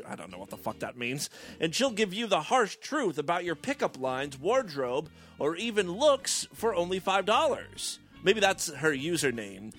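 Brief: man, comic news host, sarcastic and foul-mouthed, somewhat high and animated. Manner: profane, sarcastic, animated, riffing asides. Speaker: comedy podcast host. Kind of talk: irreverent comic news reading.

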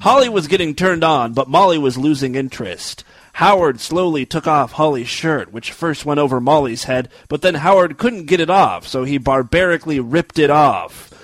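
A man's voice: on the high side, no echo. A man reading a crude story aloud for comedy, breaking off with sarcastic asides. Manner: sarcastic asides, laughing at the text. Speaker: comedic reader of fan stories.

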